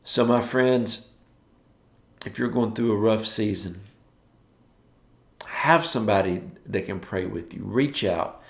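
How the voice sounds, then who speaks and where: A man preaching a morning word in a lowish, gravelly voice, urging listeners on with repeated declarations. He sounds a little tired from rising early. The room is echoey. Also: slow pace, long pauses. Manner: exhorting, repetitive declarations. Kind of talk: morning devotional sermon.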